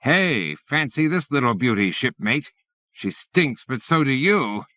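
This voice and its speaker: A man's voice: medium pitch, very animated, measured pace, bright, forceful tone, no echo, voice pushed up. A man reading an audiobook, voicing a swaggering pirate who roars in a cartoonish way. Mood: menacing. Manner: roaring, comic-strip accent. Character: roaring swaggering male pirate. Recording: dull lo-fi cassette.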